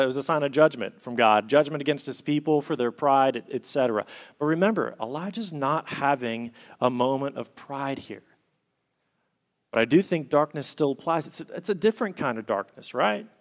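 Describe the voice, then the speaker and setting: A man preaching a sermon, explaining scripture in an earnest way and reading passages aloud. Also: medium pitch. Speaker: pastor.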